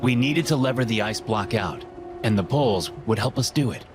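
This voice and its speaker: A man reading a first-person horror story in a steady, measured way, as scripted narration. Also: medium pitch. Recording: voice-over with loud music behind.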